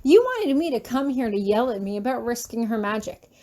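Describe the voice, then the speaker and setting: Woman reading heated, defiant young student, high voice, fan fiction audiobook. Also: very animated, a little fast, dark tone. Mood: accusing. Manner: heated, raised and pleading.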